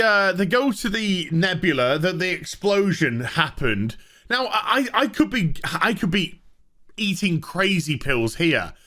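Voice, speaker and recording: A man's voice: high-pitched, bright, forceful tone. A man reviewing a TV show in a sarcastic, swearing rant, laughing at his own jokes. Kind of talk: ranting casual commentary.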